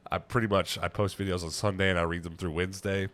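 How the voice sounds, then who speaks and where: A man's voice: deep voice, level tone, fast, fairly bright tone. A man in his thirties hosting a casual chat, rambling and self-mocking as he tells stories. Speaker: channel host.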